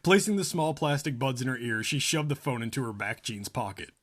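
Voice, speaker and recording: A man's voice: medium pitch, lively intonation, a little fast, a bit bright. A man co-hosting a podcast, reading a novel aloud and often breaking off to laugh and joke. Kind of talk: casual chat and comic read-aloud.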